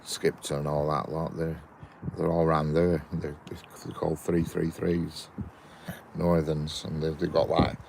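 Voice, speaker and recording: A man's voice: a bass voice, monotone, unhurried, gravelly, a little mellow, slight background noise. A Northern English man chatting casually at the trackside, reading and answering viewers' messages in a rambling way. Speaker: trainspotting livestream host. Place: outdoors by a railway line. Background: birds and outdoor ambience.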